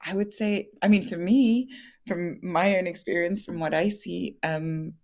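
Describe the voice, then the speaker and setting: Young woman, low voice, interview guest, chatty, laughs a lot, lots of fillers. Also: measured pace, a little mellow. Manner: chatty, laughs often, many fillers and restarts. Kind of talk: candid interview conversation.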